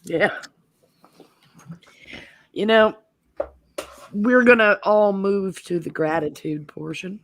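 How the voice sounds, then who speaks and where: A woman from the Southern United States, a guest in a casual group chat, speaking gently and reflectively. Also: medium pitch, slow, pauses often, a little hiss or hum. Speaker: podcast guest.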